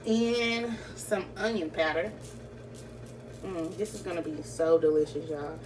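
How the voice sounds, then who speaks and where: A woman's voice: on the low side, a little slow, darkish tone. A young woman, chatting through a home cooking tutorial and calling the viewers y'all. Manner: chatty, addresses viewers as y'all and you guys. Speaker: cooking vlogger. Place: home kitchen. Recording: slightly distant camera mic, faint room noise.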